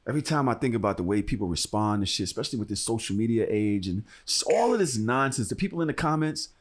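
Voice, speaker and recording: A man's voice: on the low side, fast talker, hardly any pauses, breathy edge. A young man hosting a podcast, telling a story in casual chat, profane and acting out the voices of the people in it. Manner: animated, profane, swings into loud acted-out quotes. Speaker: podcast host.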